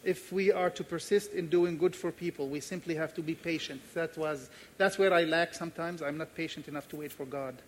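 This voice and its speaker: A man's voice: a little high, a little fast, few pauses, a little hiss or hum. A man from Jordan preaching a sermon as pastor, telling a personal story and acting out its dialogue. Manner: animated storyteller, acts out dialogue.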